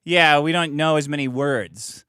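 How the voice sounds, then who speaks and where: A man co-hosting a comedy podcast, making deadpan contrarian jabs. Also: a little high, a little slow, smooth, no room sound, studio quality. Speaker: podcast co-host. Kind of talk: casual comedic podcast chat.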